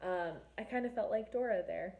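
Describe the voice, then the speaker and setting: A woman's voice: mid-range voice, creaky, mellow. A woman teacher reading a novel aloud to her class, stopping to quiz students and explain figures of speech in a chatty way. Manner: chatty, asks students questions, pauses to explain figurative language.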